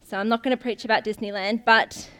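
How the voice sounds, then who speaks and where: A young woman preaches in a loose, chatty way, telling stories to her church with plenty of ums and restarts. Her voice sits a little high for a woman. She talks like she's catching up with family rather than giving a formal sermon. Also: fairly even intonation, fast, fairly bright tone, smooth. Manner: chatty, laughs often, many ums and restarts. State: briefly tearful. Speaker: guest preacher, pastor's daughter. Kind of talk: informal sermon storytelling.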